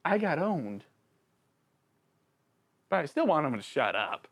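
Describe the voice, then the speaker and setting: A channel host giving a casual, excitable spoken book review, joking around and talking straight to the author and characters. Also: slow. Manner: excitable and jokey, with big swings in pitch; addresses the author and characters directly, playful slang.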